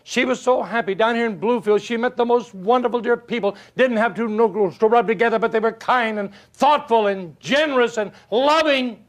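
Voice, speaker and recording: An older man delivers a motivational talk in a high-pitched voice. He is animated and folksy, and he uses rhetorical questions, stories and chuckles to keep his listeners engaged. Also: moderate pace, few pauses. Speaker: motivational speaker. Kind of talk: motivational speech to an audience.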